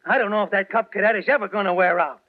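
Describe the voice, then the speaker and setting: A man's voice: high-pitched, rapid-fire, lightly acted. An actor playing a grumpy, envious male neighbor in a radio ad, grumbling in a sour tone. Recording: tinny old radio ad.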